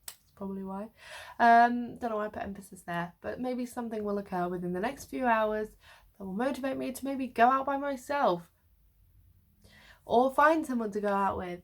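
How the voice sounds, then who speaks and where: A woman's voice: fairly high pitch, moderate pace. A woman in her twenties chatting to camera in her bedroom, rambling along with wry, self-mocking asides. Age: 20s. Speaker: vlogger. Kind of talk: casual chat to camera. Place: her bedroom, sitting on the floor.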